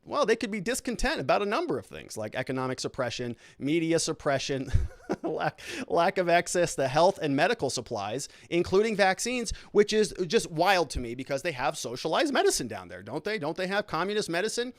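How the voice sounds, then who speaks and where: A man's voice: a little high, a little fast, no echo, clean studio sound. Sarcastic man hosting a commentary show. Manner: sarcastic, animated, mocking asides; reads news quotes aloud. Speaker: host, criminal defense lawyer. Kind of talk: casual political commentary livestream.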